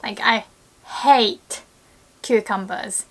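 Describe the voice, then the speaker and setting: Young woman, teacher, measured delivery, playful laughs, bright acted-out quotes. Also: medium pitch. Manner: laughs often, acts out lively quoted lines. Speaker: Japanese language teacher. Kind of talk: online language lesson.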